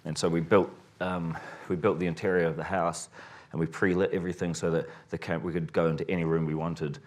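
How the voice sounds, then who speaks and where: A man answering interview questions as a filmmaker, relaxed and rambling, often restarting his sentences. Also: low-pitched, fairly quick. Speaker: filmmaker guest.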